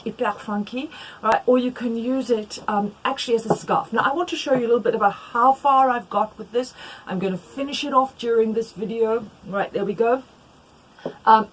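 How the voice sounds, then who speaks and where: A woman teaching knitting in a playful, rambling way, with jokey asides and sudden loud bursts. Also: fairly high pitch, slight background noise, low-quality recording. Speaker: knitting tutor. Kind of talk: chatty knitting tutorial.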